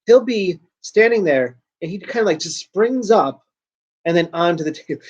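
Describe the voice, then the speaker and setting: A man's voice: sits high, animated, normal speed, a little mellow, highs cut off. A man hosting a joke news show from home, rambling and self-mocking as he talks at his computer. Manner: rambling, joking, self-mocking, trails off and restarts. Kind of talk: casual rambling talk to camera.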